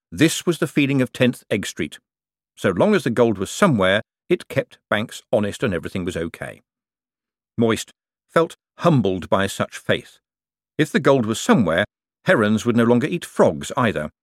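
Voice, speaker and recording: A man reading an audiobook as its narrator in a wry, expressive way. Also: on the low side, no echo, clean studio sound. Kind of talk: scripted narration.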